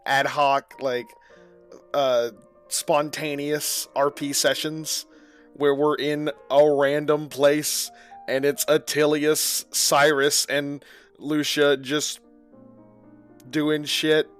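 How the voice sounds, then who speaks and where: A man's voice: fairly high pitch, flat delivery, slow pace, clear, resonant tone, soft background music. Joking man in casual chat. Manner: joking, reactive, hesitant with fillers. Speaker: podcast co-host and tabletop player.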